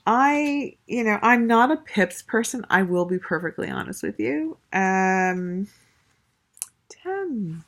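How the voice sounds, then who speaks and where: A woman's voice: mid-range voice, big pitch swings, slow pace, a bit bright. A woman casually reviewing a tarot deck, gushing and chatty, with lots of fillers and restarts. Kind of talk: casual show-and-tell review.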